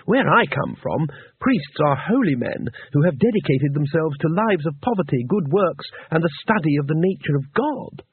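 A man putting on a higher, lively voice for a chatty, innocent male tourist in a storybook reading, eager and rambling. The sound is thin and tinny, like a phone line, and the voice is a little husky. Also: normal speed, no echo. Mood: earnest. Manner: enthusiastic, rambling, earnest. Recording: tinny narrow-band recording.

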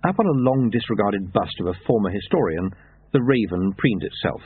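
A man reading a story aloud in a dry, measured narration, over tinny narrowband audio. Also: fairly low pitch, lively intonation, breathy edge, dry recording.

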